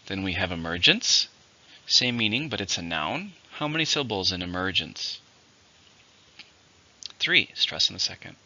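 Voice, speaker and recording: A man teaching English vocabulary in a recorded lesson, with slow, clear, deliberate pronunciation drills. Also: low voice, expressive, bright, forceful tone. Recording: dull lo-fi recording.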